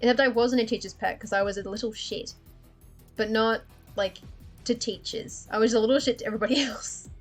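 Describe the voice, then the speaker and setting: A woman's voice: on the high side, steady tone, fairly quick, soft background music. Young woman chatting, profane and candid. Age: young adult. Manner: candid, profane, laughs often. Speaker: livestream host. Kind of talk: casual livestream chat.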